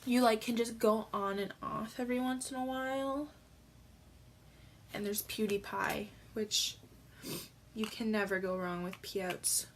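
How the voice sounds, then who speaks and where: Teen girl vlogging, kinda teary, rambles a lot with ums and likes, slightly high voice, faint hiss behind. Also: measured pace, long pauses. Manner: rambling, filler-heavy storytelling. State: teary after crying. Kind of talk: casual vlog chat.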